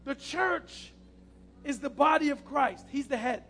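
A man's voice: extremely high pitch, a little slow, fairly bright tone, slight background noise. A man preaching a passionate sermon as pastor, repeating his key phrases.

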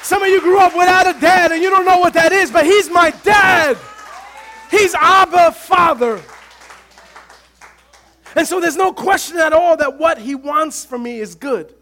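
Male pastor, sermon, impassioned, calls out to the church, very high voice. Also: brisk, hardly any pauses, crowd noise.

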